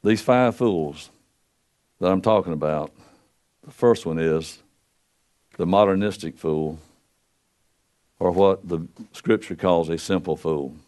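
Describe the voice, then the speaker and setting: An older pastor preaching a folksy sermon into a pulpit microphone, swinging between loud and soft. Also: male voice, takes it slowly, pauses often. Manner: folksy preaching with wide swings in pitch and loudness.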